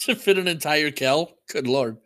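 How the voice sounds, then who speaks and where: A man co-hosting a casual podcast chat, joking and telling stories in an animated way. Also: a little high, moderate pace. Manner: animated, jokey storyteller. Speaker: podcast co-host.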